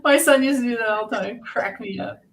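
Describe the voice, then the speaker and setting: A woman's voice: a little high, a little fast, slight background noise. A middle-aged woman hosting a casual tarot livestream, chatting and greeting viewers by name with frequent laughter.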